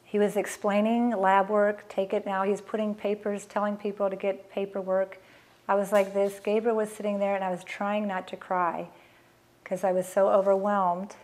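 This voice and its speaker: A middle-aged woman recounts a personal family story in an earnest, heartfelt way. She voices the people in it as she goes, with an average pitch for a woman. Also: level tone, moderate pace, a little mellow. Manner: emotional, earnest, acts out past conversations. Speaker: mother telling her family's story.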